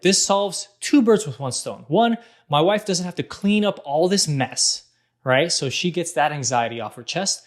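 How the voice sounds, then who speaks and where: Man, 30s, fairly high voice, earnest storyteller hosting a casual parenting vlog. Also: expressive, moderate pace.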